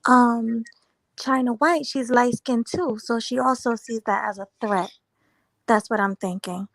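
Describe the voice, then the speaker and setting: A woman's voice: a little high, fairly even intonation, a little slow, vocal fry, a bit bright, no echo. A woman calling in to a live stream, giving her opinion in a direct, casual way. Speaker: caller. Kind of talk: casual call-in chat.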